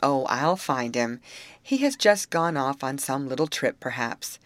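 Woman doing a calm dad, reassuring, thoughtful, low and steady, storybook reading. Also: a little slow, no echo. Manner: musing, reassuring. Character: kindly middle-aged father, calm and reassuring.

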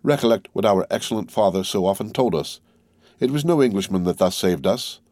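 A man's voice: on the low side, lively intonation, a little fast, darkish tone, no echo, close to an everyday voice. An earnest young man presses his point with sincere urgency, voiced by a male audiobook reader. The sound is dry and close. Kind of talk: audiobook character reading.

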